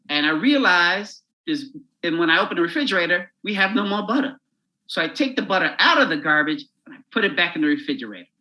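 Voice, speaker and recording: A man, a comedian, telling a crude, animated story while chatting as a podcast guest. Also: a little high, low-quality recording.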